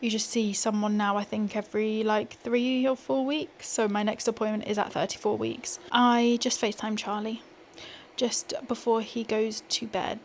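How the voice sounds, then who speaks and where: A pregnant British vlogger in her youth talks casually to her small handheld gimbal camera, indoors at home and on outdoor walks, poking fun at herself along the way. She keeps a medium pitch with little pitch movement and a moderate pace, against slight background noise.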